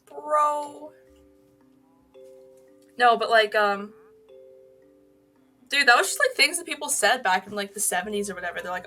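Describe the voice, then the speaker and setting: A woman's voice: on the high side, moderate pace, pauses often, bright, forceful tone, soft background music. A woman streaming a video game, chatting casually, rambling from topic to topic, swearing freely and answering her chat. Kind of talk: casual gaming livestream chat.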